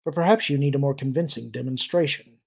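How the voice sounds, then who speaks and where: A man voicing a cold, cultured alien grand admiral who speaks with calm, measured menace in an audiobook reading. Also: mid-range voice, gravelly, breathy edge.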